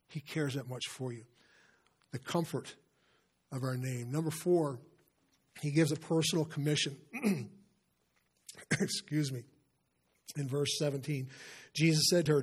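Earnest and fairly high-voiced, a man preaches as a guest in the pulpit. He clears his throat frequently and, when driving a point home, slows and quiets his delivery.

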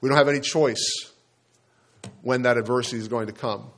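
A man preaching a sermon, telling a story and speaking straight to the congregation, slowing down on the key points. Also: mid-range voice, steady tone, a bit bright. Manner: storytelling, addresses the congregation directly, slows down for emphasis. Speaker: pastor.

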